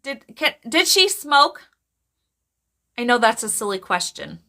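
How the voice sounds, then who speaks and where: A woman with a high, bright voice chats through live psychic readings for her viewers. She talks in an animated, casual way, tossing quick asides to the chat and laughing easily. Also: vocal fry.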